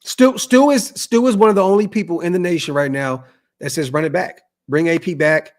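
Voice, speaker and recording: A man hosts a casual podcast interview in a fairly high voice. He keeps pressing his guest with follow-up questions and challenges. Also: a little fast. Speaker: podcast host.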